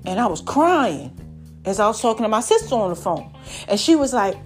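A woman hosts a personal storytelling podcast, her voice sitting a little high. She talks in a conversational, emotional way, acts out the voices of her family, and slips into preacher-like encouragement. Faint music plays underneath. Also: big pitch swings, fairly quick. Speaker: podcast host.

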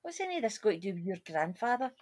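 A woman's voice: mid-range voice, sing-song, racing. A woman playing a blunt Glaswegian bingo regular. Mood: sharp. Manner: blunt, sharp-tongued. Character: blunt, sharp-tongued working-class bingo regular, woman. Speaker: bingo player. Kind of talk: radio drama acting.

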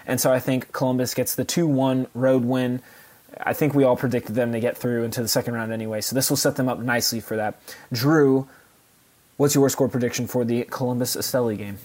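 Man, podcast co-host, mid-pitched voice, easygoing, laughs easily, lots of ums. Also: fairly quick. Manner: relaxed, laughs easily, talks through ideas with fillers. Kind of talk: casual sports podcast chat.

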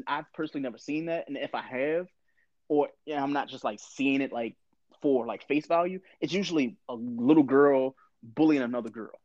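A man's voice: on the high side, a little mellow, dry recording, highs cut off. A man in his thirties with a candid, profane storytelling manner, talking in a casual conversation.

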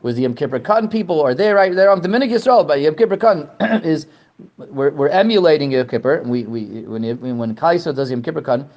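A man giving a Torah lesson to a class, animated, asking questions and often repeating words. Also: fairly high pitch, quick pace, muffled recording. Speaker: Torah teacher. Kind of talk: lecture to a class.

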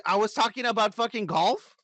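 A man's voice: sits high, brisk, a bit bright, dry recording. A man co-hosting a podcast who laughs a lot and teases his co-host in casual banter. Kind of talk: rowdy drunk podcast banter.

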